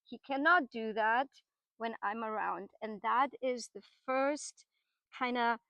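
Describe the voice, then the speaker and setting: A middle-aged woman teaching horsemanship. She explains each step patiently and keeps checking in with her listeners. Her voice sits a little high and sounds dry and close. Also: takes it slowly, no room sound, dull audio. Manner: patient, explanatory, with frequent tag questions. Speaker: horsemanship trainer. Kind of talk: explanatory teaching talk while working horses.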